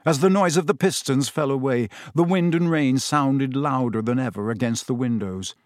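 A man's voice: mid-range voice, moderate pace, a little mellow, no echo. Man narrating a storybook, dry sound. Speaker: audiobook narrator.

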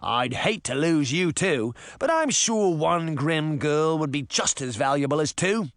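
A man voicing a gruff, greedy male pirate captain in an audiobook, growling and menacing. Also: fairly high pitch, expressive, measured pace, no room sound, clean studio sound. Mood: angry. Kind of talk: audiobook character voice.

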